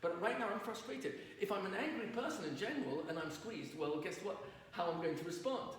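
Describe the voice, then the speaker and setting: In a lecture hall, a man who is a rabbi tells stories and asks his audience questions during his lecture. His voice is high, with lively intonation, and a little fast. It's a roomy, distant recording carrying faint noise.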